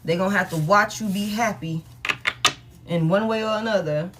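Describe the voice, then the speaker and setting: A woman's voice: medium pitch, moderate pace, very noisy. Woman, 30s, tarot-stream host; blunt, profane, laughing, casual delivery. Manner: candid and profane, laughs often, talks straight to her viewers. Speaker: tarot reader hosting a live stream.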